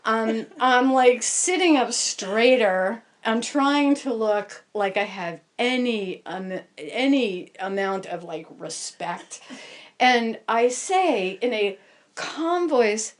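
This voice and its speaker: A woman telling a first-person story in an animated, self-deprecating way. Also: on the high side, slow.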